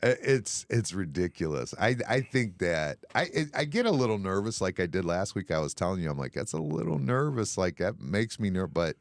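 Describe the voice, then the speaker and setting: A man's voice: sits low, animated, a little fast, hardly any pauses, no room sound. A man hosting a casual bar-talk live stream, blunt and sarcastic, swearing freely. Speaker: podcast host.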